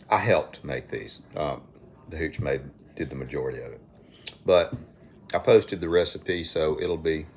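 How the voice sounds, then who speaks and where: Middle-aged Alabama man hosting a home livestream, very low voice, folksy and rambling, faint background noise. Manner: folksy, rambling, talks to viewers by name. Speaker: livestream host. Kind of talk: casual live chat. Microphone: phone.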